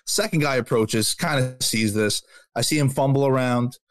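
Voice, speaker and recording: A man in his early thirties co-hosting a talk radio show, telling a story in a quick, animated way that builds up steam. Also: medium pitch, dry recording. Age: 30s. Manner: animated, quick storyteller who gets worked up.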